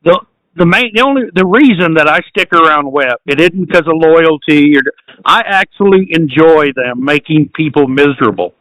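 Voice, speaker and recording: A man hosts a casual podcast, easygoing and quick to laugh, with plenty of swearing. His voice sits high and bright, recorded dry with no room sound. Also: dry recording, rough recording. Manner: laid-back, laughs often, swears. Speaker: podcast host. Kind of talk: casual chat.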